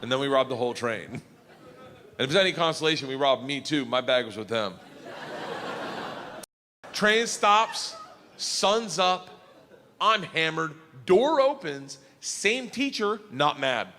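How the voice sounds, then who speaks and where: A male comedian telling a story on stage, loud and animated, laughing through it. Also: on the high side, slow, long pauses. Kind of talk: stand-up storytelling. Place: theater stage. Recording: live hall with faint crowd noise. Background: faint audience.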